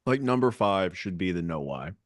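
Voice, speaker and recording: Man co-host, lower voice, jokey rambling anecdotes, dry booth sound. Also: expressive, normal speed, dry recording. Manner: rambling storyteller, self-mocking. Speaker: podcast co-host. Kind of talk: casual comedic chat.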